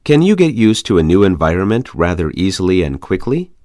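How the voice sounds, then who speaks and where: A man reading English conversation practice questions aloud in a measured, even way. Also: low voice, dry recording, clean studio sound. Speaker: English lesson reader.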